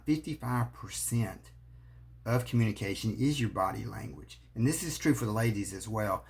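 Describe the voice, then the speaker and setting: A man's voice: on the low side, gravelly, a little mellow. A man, a marriage therapist giving earnest advice straight to the camera. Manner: earnest, coaching, speaks straight to the viewer. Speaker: marriage therapist and relationship coach. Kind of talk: direct-to-camera advice talk.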